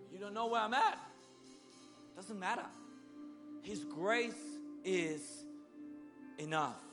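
A male preacher giving a sermon, swinging between loud bursts and soft, low lines as he acts out biblical figures. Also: lively intonation, measured pace, long pauses, over music.

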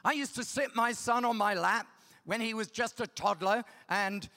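A man's voice: high-pitched, normal speed, pushed and bright. A middle-aged man preaching a sermon, emphatic, repeating key words and checking in with the audience. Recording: long reverb of a large hall.

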